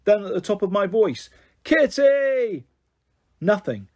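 A man reads a children's novel aloud, expressive and steady. His voice is notably high for a man and husky in grain. It carries the tone of a bedtime story reading. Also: a little fast. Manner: expressive read-aloud narration.

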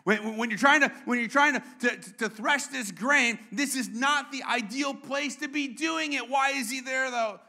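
Male pastor, high bright voice, playful preaching that draws the congregation in. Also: moderate pace, gravelly, few pauses. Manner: playful, engages congregation with questions. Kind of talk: sermon. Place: church.

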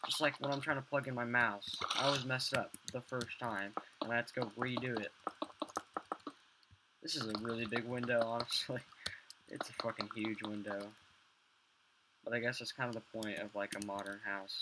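A man's voice: lowish voice, little pitch movement, moderate pace. Young man rambling over game clicks. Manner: swears a lot, mutters and hums to himself. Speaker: gamer. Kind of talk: rambling gameplay commentary. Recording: loud background noise, mouse clicks.

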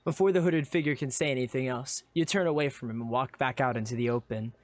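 A man narrating a live game roleplay in second person, with animated, flustered asides. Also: mid-range voice, quick pace, dry recording. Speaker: player and narrator.

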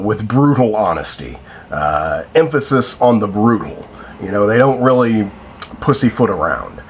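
A man with a fairly low voice talks through a casual film review. He hesitates often, restarting sentences and filling gaps with "uh" and "um". A faint hiss of noise sits under his voice. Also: fairly bright tone. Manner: hesitant, many fillers and restarts.

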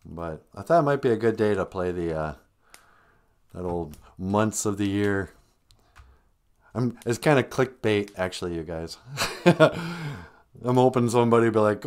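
Speaking in a lowish, expressive voice at a measured pace with long pauses, this host teaches words on a casual live stream. He banters playfully with viewers, teasing them and scolding in a mock-stern, jokey way.

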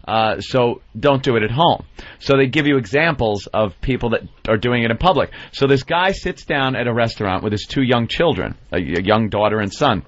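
Man, radio host, teasing banter, mid pitch, dull lo-fi audio. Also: expressive, normal speed. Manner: joking, teasing. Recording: muffled radio broadcast audio.

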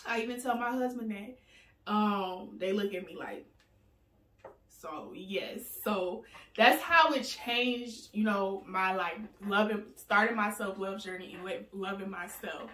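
A woman's voice: mid-range voice, unhurried, fairly bright tone, recorded from a distance. Woman vlogger, candid casual talk, frequent laughs, reverberant room, mic set back. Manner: earnest and candid, laughs often, many "um"s. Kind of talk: casual personal vlog talk. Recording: roomy sound, mic set back from her.

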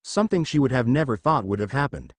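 A man's voice: medium pitch, expressive, fast talker, no echo. A man narrating a fanfiction story as an audiobook, reading expressively with occasional small slips.

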